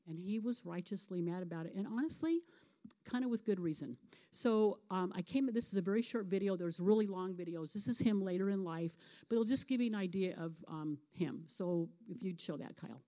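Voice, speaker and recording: A woman's voice: on the low side, a little fast, dark tone. A woman pastor retelling a near-death story in a sermon, acting out the quoted voices as she goes.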